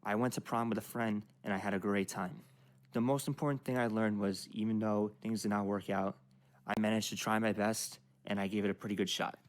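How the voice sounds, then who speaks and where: Young man recounting a story, flat. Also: fairly low pitch, a little fast, rough recording. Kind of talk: storytelling narration.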